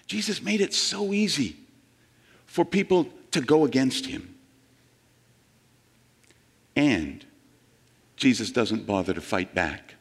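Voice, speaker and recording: Lively preaching man in a reverberant hall. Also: on the high side, unhurried, pauses often, husky. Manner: animated storytelling, acting out quoted voices. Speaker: pastor. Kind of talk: sermon.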